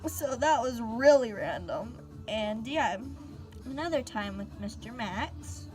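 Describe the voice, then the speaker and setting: A woman's voice: fairly high pitch, expressive, takes it slowly, over music. A teenage girl telling a storytime vlog in a casual, giggly way, full of fillers and asides. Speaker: storyteller, vlogger.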